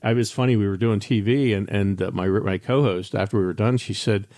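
A man's voice: on the low side, fairly even intonation, brisk, darkish tone, dry recording, studio quality. An older man hosting a financial radio show, telling frank stories in a candid, chatty way with many restarts. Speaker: financial advisor radio host. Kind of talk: radio talk monologue.

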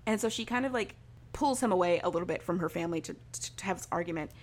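A woman's voice: on the low side, fast talker. Chatty young woman retelling a story. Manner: chatty storyteller, filler-heavy, acts out quoted lines. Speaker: podcast co-host recapping a story. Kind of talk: casual chat.

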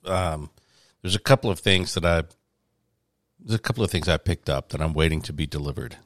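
A man, co-hosting a casual chat and telling stories in a relaxed way. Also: very deep voice, brisk, no echo, clean studio sound. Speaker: co-host.

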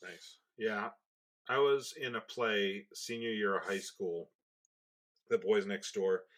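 Low-voiced man chatting casually. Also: slow, a bit bright. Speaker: podcast co-host. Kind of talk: casual chat.

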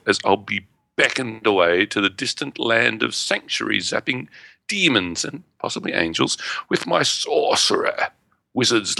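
A man's voice: lowish voice, gravelly, sharp tone, no room sound. A man co-hosting a gaming podcast in casual chat, playful and joking, correcting himself as he reads. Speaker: podcast co-host. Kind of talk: casual chat, reading listener email.

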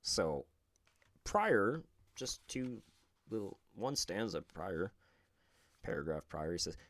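Deep-voiced man hosting a reflective podcast. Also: very animated, slow, fairly bright tone, no room sound. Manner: thoughtful, conversational, with self-corrections. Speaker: podcast host.

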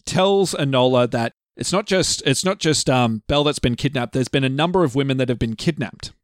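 A man's voice: medium pitch, a little fast, dry recording, clean studio sound. A man co-hosting a casual chat, rambling through a story with restarts and little acted-out quotes. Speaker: podcast co-host. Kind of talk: casual chat predicting a film plot.

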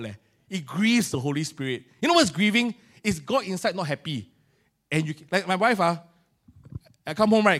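A middle-aged pastor with a Singaporean English accent and a high-pitched voice preaches in a colloquial, animated style, acting out little scenes as he goes.

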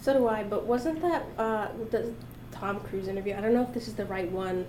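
A woman's voice: medium pitch, brisk, darkish tone, slight background noise. A young woman chatting casually, hesitant and often trailing off. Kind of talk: casual chat. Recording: roomy echo.

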